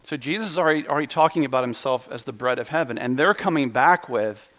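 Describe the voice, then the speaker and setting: A pastor preaching a sermon with a playful, animated delivery and big swings in loudness. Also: male voice, mid-range voice, quick pace. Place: church sanctuary.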